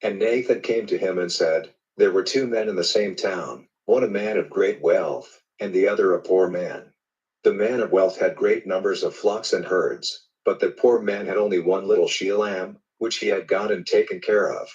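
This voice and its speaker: A man reading a Bible passage aloud in a steady, measured storytelling manner. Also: sits low, recorded from a distance, dull audio. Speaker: Bible reader. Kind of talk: scripted scripture reading.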